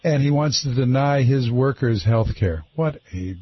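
A male radio talk show host taking calls, talking in an animated, rambling, sarcastic way. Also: medium pitch, measured pace, breathy edge. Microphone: studio microphone. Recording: slightly muffled dry broadcast audio.

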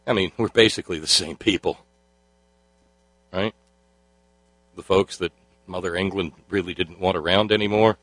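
A sarcastic Southern man with a bright, forceful voice talks casually and rambles through mocking commentary. His sound is dry and close, with no room around it. He shifts between jokes and asides with a loose, offhand manner. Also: sits low, steady tone, normal speed, pauses often, dry recording. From Southern United States. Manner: mocking, sarcastic, puts on cheesy accents.

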